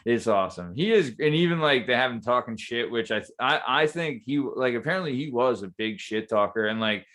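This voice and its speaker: Man, mid-pitched voice, podcast co-host, casual chat, eager, salty language. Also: lively intonation, fairly quick, a bit bright. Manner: enthusiastic, swears often.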